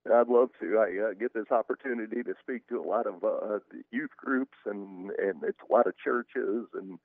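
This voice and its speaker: A man's voice: fairly low pitch, moderate pace, dry recording, narrow, tinny audio. Good-humored man in his fifties. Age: 50s. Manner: good-humored, chuckles while talking. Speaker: guest, sports mascot and author. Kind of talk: casual radio interview.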